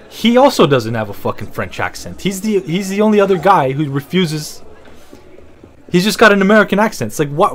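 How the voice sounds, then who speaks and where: A man chatting casually as a podcast host, rambling, repeating himself and joking with lots of swearing. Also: sits high. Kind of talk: casual comedic podcast chat.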